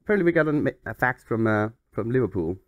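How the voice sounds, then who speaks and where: A man's voice: medium pitch, lively intonation, fast, dry recording. A man hosting a comedic game playthrough, playful and mock-flustered as he rambles along. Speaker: YouTube gaming host.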